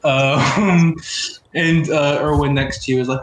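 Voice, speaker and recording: A man's voice: on the high side, fairly even intonation, a little slow. A man narrating casually as game master of a tabletop game. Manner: casual, filler-heavy. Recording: echoey room with faint noise.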